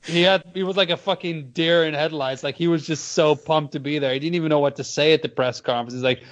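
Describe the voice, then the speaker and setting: A man's voice: fairly high pitch, fairly even intonation, fast. Laughing, swearing man, lo-fi. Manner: swears a lot, laughs often, rambling. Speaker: podcast co-host. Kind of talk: casual chat.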